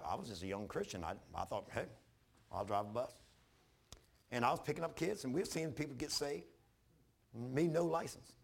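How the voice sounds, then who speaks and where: Male pastor, gravelly and a bit husky, folksy sermon storyteller. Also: medium pitch. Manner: folksy storytelling with animated retold dialogue.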